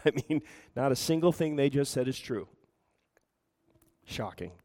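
A man's voice: mid-range voice, lively intonation, measured pace, a little mellow. A man preaching a sermon as pastor, asking the room rhetorical questions and acting out quoted voices. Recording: reverberant hall.

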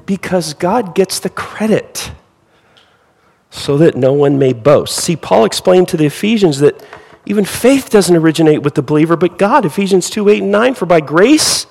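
A man preaching a sermon with lively rhetorical questions to his congregation. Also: on the high side, gravelly, breathy edge, in a large hall, poor audio. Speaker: pastor.

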